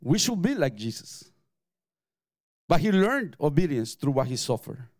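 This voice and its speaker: Pastor guy preaching real slow, kinda high voice, dry close sound, tells stories and chuckles. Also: very animated, darkish tone, no room sound. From Mexico. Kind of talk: sermon.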